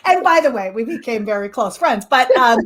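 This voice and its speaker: A middle-aged woman telling a lively classroom story in a casual talk, with many fillers and quick laughs. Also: a little high. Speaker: co-teaching expert guest.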